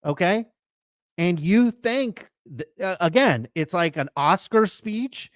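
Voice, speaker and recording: A man's voice: high voice, animated, slow pace, fairly bright tone, dry recording, studio quality. A man hosting a live sports card talk show, chatting in an emphatic, rambling way that piles up comparisons. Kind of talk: casual opinionated chat.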